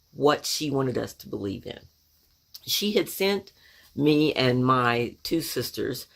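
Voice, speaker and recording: A woman in her sixties from Oklahoma tells a childhood story to camera in a very deep, creaky, husky voice. She's conversational and reflective, with lots of asides.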